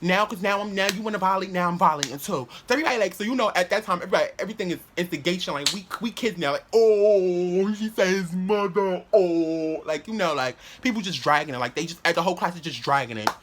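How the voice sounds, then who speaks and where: A young man telling a story to his viewers in an animated, rambling way, full of slang, swearing and restarts. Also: sits high, racing, few pauses, slight background noise. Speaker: vlogger. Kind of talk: casual storytelling to camera.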